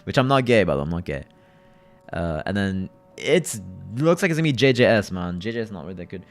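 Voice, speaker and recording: A man hosts a livestream with faint music behind him, chatting casually with viewers in loose slang and often repeating his phrases. He talks fast in a lowish, sing-song voice.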